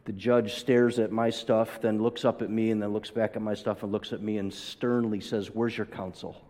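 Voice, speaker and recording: A man's voice: lowish voice, level tone, normal speed, dark tone. A man preaching a sermon to a congregation, telling a personal story and acting out the voices in it, building to emphatic peaks. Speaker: pastor. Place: church hall. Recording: long hall reverb.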